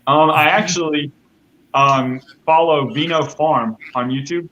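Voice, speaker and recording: A man's voice: on the high side, a little slow, fairly bright tone, highs cut off. A man chatting as a guest beekeeper on a live call, eager and stammering with restarts. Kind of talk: casual chat.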